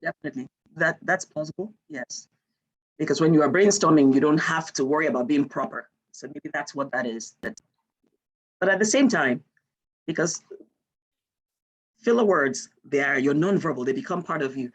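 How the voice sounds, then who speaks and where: Woman giving a lecture, husky voice. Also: low voice, normal speed, pauses often. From Nigeria. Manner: explanatory, demonstrating intonation with example sentences. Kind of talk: online lecture.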